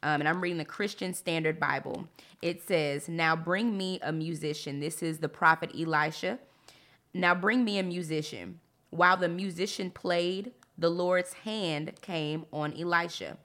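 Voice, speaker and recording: A woman's voice: lowish voice, fairly even intonation, measured pace, fairly bright tone. A woman hosting a podcast who reads Bible passages aloud and explains them in a conversational, enthusiastic way, repeating phrases for emphasis. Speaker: podcast host. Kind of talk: devotional Bible teaching.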